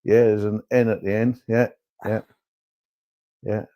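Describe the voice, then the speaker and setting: Jokey podcast host. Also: male voice, fairly low pitch, flat delivery, measured pace, dry recording, muffled recording. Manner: jokey, agreeable, many yeahs. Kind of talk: casual comedic chat.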